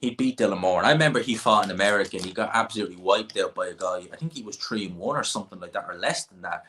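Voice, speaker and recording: A low-pitched man hosting a casual livestream, reading out viewer questions and answering them offhand. He rambles, restarts and throws in quick asides without any rush. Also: sharp tone, slight background noise. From Ireland. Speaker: livestream host.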